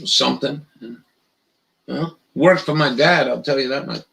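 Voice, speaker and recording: A man hosting a casual live stream, rambling in a profane, halting way with lots of restarts. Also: mid-range voice, vocal fry, pushed and bright, low-quality recording.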